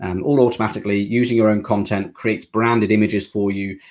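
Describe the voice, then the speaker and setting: A man from the UK, a company founder, explaining his product in a relaxed podcast interview with some stammering restarts. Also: lowish voice, a little fast, dull audio.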